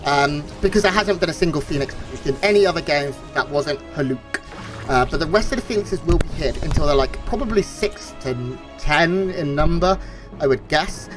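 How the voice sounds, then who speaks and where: A man giving relaxed, analytical color commentary on a strategy game match, with frequent fillers. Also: fairly high pitch, moderate pace, music in the background. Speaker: esports co-caster.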